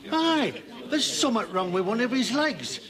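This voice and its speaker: A blunt, blustering old farmer, griping with gusto. His voice sits high and swoops up and down a lot. A crowd murmurs in the background. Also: sing-song, normal speed. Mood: indignant. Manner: blunt, gleeful, miming animals. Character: blustering comic old farmer complaining of swindle.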